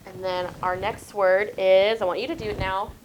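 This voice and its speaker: A woman teaches spelling to a small group in a classroom. She stretches words out slowly and thinks aloud as she works, with encouraging praise. There is a faint hiss and some clicking behind her voice. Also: mid-range voice, fairly even intonation, rough recording. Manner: slow, drawn-out modeling of words and sounds.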